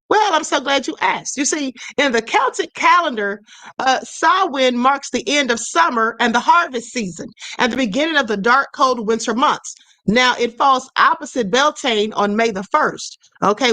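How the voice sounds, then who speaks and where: A woman with a bright, forceful voice hosts a live stream, talking her viewers through the subject in a chatty, conversational way. She keeps checking in with "okay" and reads comments aloud as they come. Her voice sits fairly high, and the sound is dry and close. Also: no room sound. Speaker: host of a spirituality live stream.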